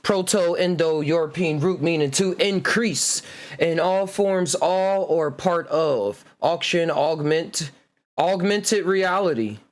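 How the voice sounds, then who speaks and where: A man hosting a podcast, reading out word origins slowly in a laid-back way and laughing often. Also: on the high side. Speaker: podcast host. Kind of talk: casual solo chat reading etymology.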